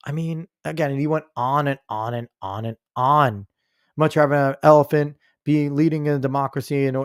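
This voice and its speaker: A male podcast host who reads news stories aloud and keeps breaking off into heated, mocking rants full of swearing. His voice sits close on the mic in a dry, dead room with no echo. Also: on the high side. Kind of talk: ranting news commentary.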